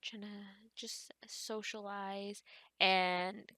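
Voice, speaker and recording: A woman narrates her game casually, rambling and thinking aloud as she plays. Her voice is bright and forward, with a strong gravelly fry. The recording is close and dry, with no room sound. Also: mid-range voice, measured pace, no echo. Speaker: gaming channel host. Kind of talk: casual let's-play commentary.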